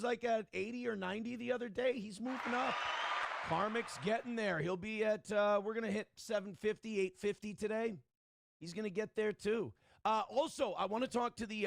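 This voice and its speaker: A man's voice: high voice, vocal fry, no room sound, clean studio sound. A man hosting a livestream, talking casually and rambling, who often restarts his sentences and mimics other people mockingly. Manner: rambling, with frequent restarts and mocking quoted voices. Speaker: livestream host.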